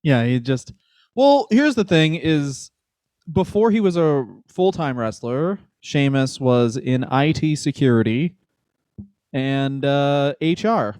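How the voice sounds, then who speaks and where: A man's voice: mid-range voice, animated, slow pace, a little mellow, no room sound, studio quality. A man co-hosting a comedy podcast, talking in a loose, chatty way in casual chat.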